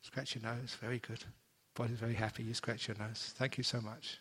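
A man giving a gentle, playful meditation talk as a teacher, slowing down for emphasis. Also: mid-range voice, flat delivery, breathy edge. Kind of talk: dharma talk. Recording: long hall reverb.

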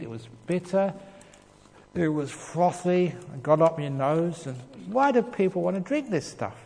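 A man's voice: medium pitch, darkish tone, a little hiss or hum. An English man giving a Buddhist dharma talk, telling stories with humour and frequent chuckles. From England. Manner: humorous storytelling with frequent chuckles. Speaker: Buddhist monk teacher. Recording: reverberant hall with faint ambience.

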